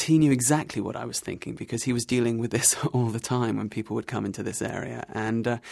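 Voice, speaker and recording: A man interviewed about his travels, telling his story in an animated, wry way and laughing at himself. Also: mid-range voice, creaky, dry recording, clean studio sound. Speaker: interview guest.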